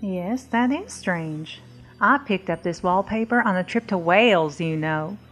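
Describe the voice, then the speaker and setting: A woman's voice: fairly low pitch, lively intonation, measured pace, fairly bright tone, faint music behind. A woman playing a doting older churchgoing hostess in an audio drama. She keeps calling her guest dear and honey. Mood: knowing. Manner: sugary, calls the visitor dear and honey.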